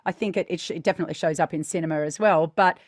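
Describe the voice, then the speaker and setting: A woman's voice: lowish voice, rapid-fire, no echo, studio quality. A woman hosting a podcast as a voice coach, explaining exercises patiently and checking in with "right?" and "okay?". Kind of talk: instructive podcast chat.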